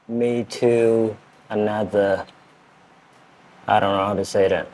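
A man's voice: fairly low pitch, fairly even intonation, slow pace, long pauses, a little mellow. A man whose first language is Khmer practices words over and over, laughing at his own attempts as he hosts an English lesson. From Cambodia. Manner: repeats words again and again, laughing at himself. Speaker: English teacher and channel host. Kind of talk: casual accent practice lesson.

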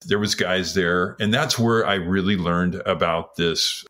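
A man's voice: low voice, measured pace, a bit bright. A man in his sixties from Washington State, a retired firefighter telling his story earnestly in an interview. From Washington State, USA. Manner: earnest, acts out others' words while telling a story.

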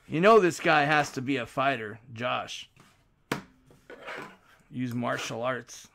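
Card-break host, male, unhurried and gravelly, loud card calls with muttered asides. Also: medium pitch, background noise. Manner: announces each card loudly, then mutters asides. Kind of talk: casual card-break commentary.

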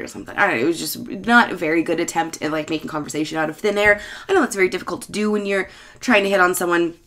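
A woman's voice: fairly low pitch, rapid-fire, a bit bright. A woman in her thirties, a bartender hosting her own show, rambling casually, swearing often and mocking herself with frequent laughter. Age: 30s.

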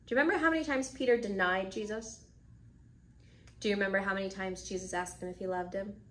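A woman is teaching a children's church lesson, reading a Bible story aloud and then retelling it in her own words. She talks at a middle pitch and gives the characters little voices as she acts out their lines. Her tone is lively and plain, like a storyteller aimed at kids. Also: fairly quick, a little hiss or hum. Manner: animated storyteller acting out dialogue lines.

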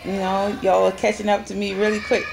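A woman talking casually to a handheld camera in a personal video update. She rambles in a chatty way and pauses often. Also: medium pitch, level tone, creaky, noisy background. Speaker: vlogger giving a personal update. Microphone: handheld camera at arm's length.

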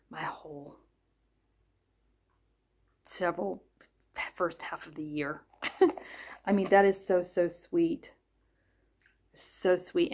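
A middle-aged woman chatting casually as she unboxes gifts on her crochet vlog, gushing and thinking aloud. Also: on the low side. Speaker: crochet vlogger.

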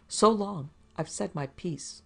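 A woman's voice: fairly low pitch, slow, gravelly, fairly bright tone, heavily acted. A woman voicing a wisecracking male detective who talks his way out of trouble in a breezy, bluffing manner. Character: wisecracking male detective's sidekick, quick-witted.

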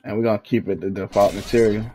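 A man's voice: lowish voice, fairly even intonation, fast talker, warm tone, a little hiss or hum. A young man hosting a casual gaming walkthrough, talking in a laid-back, slangy way and trailing off while he thinks. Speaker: gaming video host. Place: at home, in his fiancée's house.

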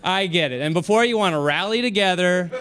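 A man doing a stand-up comedy set on a club stage, telling stories with animated delivery, jumping up high when excited and laughing along with himself. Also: brisk.

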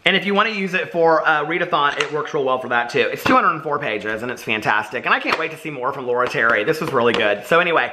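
A man's voice: fairly high pitch, animated, quick pace, few pauses, noisy background. A man in his forties, chatting animatedly through a casual book review vlog, full of asides and laughter.

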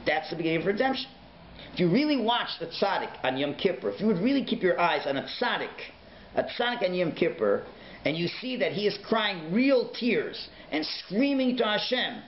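An animated man gives a rabbi's class, his pitch climbing and plunging as he acts out little scenes. The sound is muffled and lo-fi, and it rings off the walls of an echoey room. A faint hiss sits underneath. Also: moderate pace. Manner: animated, acts out voices, sudden shouts and hushed whispers. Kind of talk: Torah class. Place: synagogue learning centre classroom.

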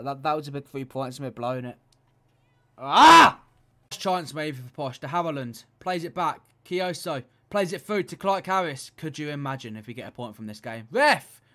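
A young man commentating his own football video game match, excitable and shouting at the referee. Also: mid-range voice. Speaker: gaming YouTuber.

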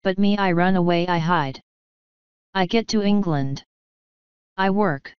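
A frantic young refugee cook, as a woman reader puts her on, pouring out her words in broken English. The voice is clear and dry, and the recording sounds a little dull and lo-fi. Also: fairly low pitch, dry recording, close to an everyday voice. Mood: agitated. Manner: agitated, broken English, rapid outbursts.

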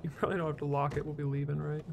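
Gravelly man in a relaxed game chat. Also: on the high side, rapid-fire, a crowd in the background. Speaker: roleplay gamer. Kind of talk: in-character roleplay chat.

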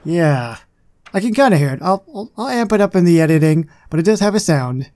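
A man's voice: a little high, animated, brisk, noisy background. A man hosting a gaming channel, giving casual gameplay commentary in a chatty, self-deprecating way with muttered asides.

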